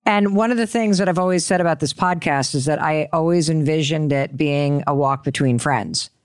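A woman's voice: deep voice, moderate pace, no room sound, studio quality. A woman hosting a podcast, speaking in an encouraging, playful way and laughing easily. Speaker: podcast host. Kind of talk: podcast interview and sign-off.

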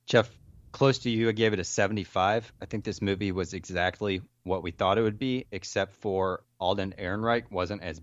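Brief: young male co-host, lowish voice, dry wisecracks, dull lo-fi sound. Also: fairly even intonation, normal speed, dry recording. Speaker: podcast co-host. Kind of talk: casual podcast chat.

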